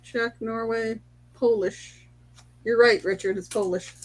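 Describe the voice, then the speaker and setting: A woman co-hosting a casual livestream, briskly reading out viewer comments and guesses. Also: fairly high pitch, fairly even intonation. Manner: brisk, matter-of-fact, reads out names.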